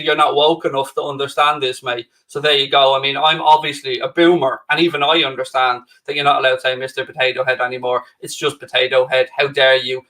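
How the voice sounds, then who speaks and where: In a slightly high, bright and forceful voice, a middle-aged Irish co-host of a football watchalong stream keeps up casual chat. Sarcastic and teasing, he bants with the viewers.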